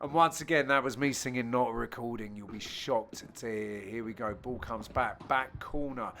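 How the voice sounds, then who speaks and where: A man hosting and giving jokey, self-mocking commentary over amateur match highlights, with sudden loud exclamations. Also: normal speed, slight background noise. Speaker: host and commentator.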